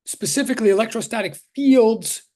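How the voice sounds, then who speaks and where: Rambling professor on a video call. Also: male voice, high voice, lively intonation, fairly quick, darkish tone. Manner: chatty, rambling, greets students one by one with many restarts. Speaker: physics professor. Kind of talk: casual online class greeting.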